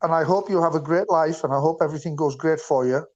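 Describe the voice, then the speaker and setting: A man's voice: on the high side, fast, dull audio. A man, a guest musician, rambling earnestly in casual chat and often trailing off mid-sentence.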